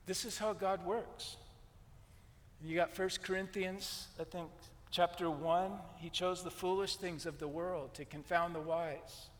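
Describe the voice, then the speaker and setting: High-voiced preacher in a reverberant hall. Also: male voice, steady tone, unhurried. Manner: emphatic preaching, repeats key lines, retells scripture scenes. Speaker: pastor. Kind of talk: sermon. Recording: long reverb from a large hall.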